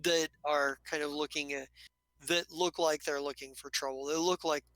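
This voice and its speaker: A man's voice: fairly high pitch, fairly even intonation, moderate pace, fairly bright tone, dry recording, poor audio. A man narrating a tabletop game as game master, rambling with many restarts and casual swearing.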